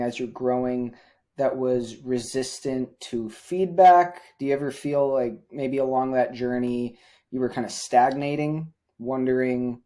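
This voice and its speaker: Deep, dark-voiced woman asking questions. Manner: probing, thoughtful questioning. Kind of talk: interview questions.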